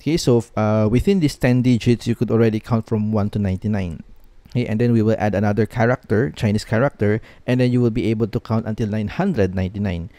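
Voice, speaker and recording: A man's voice: on the low side, fast talker, mellow, no echo. A man teaching a language lesson, patiently repeating each word three times.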